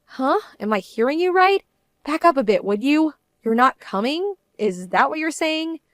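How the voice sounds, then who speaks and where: Female actor, firm bride-to-be, indignant and measured, a bit high. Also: lively intonation, a bit bright, dry recording, studio quality. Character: hurt young bride-to-be, composed and firm. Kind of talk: dramatized story voice acting.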